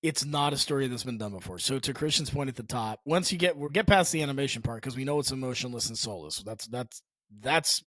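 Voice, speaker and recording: A man's voice: medium pitch, fairly quick, a bit bright, dry recording. A man co-hosting a casual movie podcast, rambling with frequent restarts and chuckles mid-sentence. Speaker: podcast co-host.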